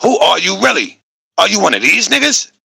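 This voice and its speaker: High lively male host, gravelly and husky, very bright, profane reaction commentary. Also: fairly quick. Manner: animated, profane, rhetorical and repetitive. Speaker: podcast host reacting to videos.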